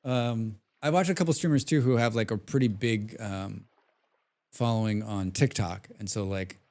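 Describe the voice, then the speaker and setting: A man's voice: on the low side, normal speed, darkish tone. A man live-streaming a game, chatting casually in a rambling way, reading chat aloud and humming to himself as he plays. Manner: hums tunelessly while playing. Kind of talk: live gaming stream commentary.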